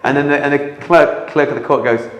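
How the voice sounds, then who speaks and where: A man's voice: fairly high pitch, a little fast, a little hiss or hum. A man, a comedian guest, animatedly telling a story in an interview and acting out the dialogue. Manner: animated, acts out dialogue, laughs at his own story. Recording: echoey room with long reverb.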